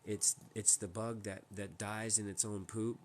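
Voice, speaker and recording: A man's voice: on the low side, flat delivery, a little slow, a little hiss or hum. A man hosting a casual live stream from home, talking in a rambling, emphatic way with many restarts. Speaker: livestream host.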